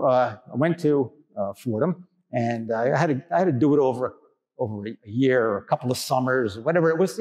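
A man's voice: medium pitch, darkish tone. An older man from Brooklyn, a priest telling a folksy story in a chatty sermon full of asides. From Brooklyn, New York. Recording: echoey hall with long reverb.

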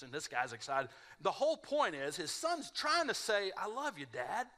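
A man preaching a live church sermon with a bright, forward voice sitting a touch high for a man. He tells stories animatedly and slips into mumbled imitations of other people. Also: wildly swooping pitch, normal speed, few pauses. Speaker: pastor.

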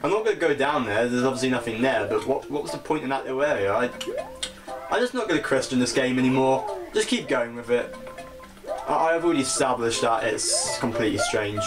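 A young man with a British accent talks his way through a video game in a loose, self-mocking style. His pitch sits mid-range, and lively game music plays clearly behind him. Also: fairly quick. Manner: chatty and self-mocking, laughs at his own mistakes. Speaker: gaming channel host. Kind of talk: casual let's-play commentary.

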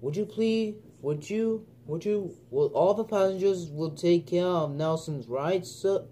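A man voicing a polite big male engine who asks haltingly and repeats himself. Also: sits high, mellow, a little hiss or hum. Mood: pleading.

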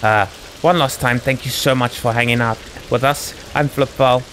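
A man's voice: mid-range voice, fairly even intonation, normal speed, a bit bright, a little hiss or hum, poor audio. A man hosting a gaming channel, talking casually over gameplay in a rambling, chatty way. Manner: rambling, chatty, friendly asides.

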